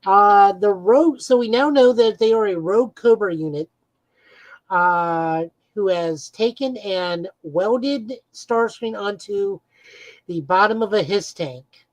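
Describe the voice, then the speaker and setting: A woman's voice: mid-range voice, slow pace, no room sound, low-quality recording. A woman co-hosting a podcast, eagerly recapping comic book plots in a casual chat with frequent "uh"s. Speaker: podcast co-host.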